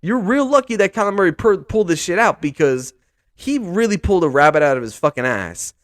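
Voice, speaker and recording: A man's voice: high-pitched, very animated, fairly quick, no room sound, studio quality. A young man hosting a sports podcast, ranting about football in a profane, exasperated way and repeating himself.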